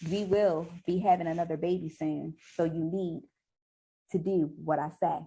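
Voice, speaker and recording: A woman's voice: lowish voice, fairly even intonation, moderate pace, warm tone, breathy edge, rough recording. A woman voicing a menacing, controlling streetwise man while reading her own story. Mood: commanding. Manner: threatening, commanding.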